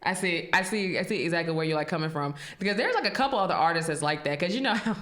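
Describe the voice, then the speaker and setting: A woman's voice: lowish voice, expressive, fast talker, fairly bright tone. A woman hosting a podcast, chatting casually and animatedly, laughing often and cursing freely. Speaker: podcast host. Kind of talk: casual chat. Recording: echoey room.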